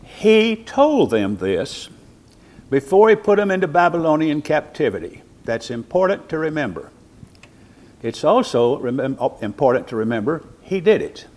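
A male preacher, delivering a sermon with slow, deliberate emphasis, swinging from quiet, low lines to loud, high cries. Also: sing-song.

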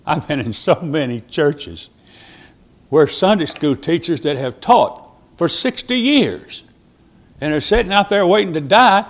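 A man preaching a sermon as a traveling preacher, telling stories with quoted dialogue and sudden loud rises and soft drops. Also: a little high.

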